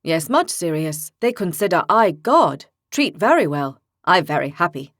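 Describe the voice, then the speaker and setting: A woman narrator voicing a male companion who speaks slowly in broken, halting grammar. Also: fairly low pitch, sing-song, a bit bright, no room sound, clean studio sound, voice pushed down. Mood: proud.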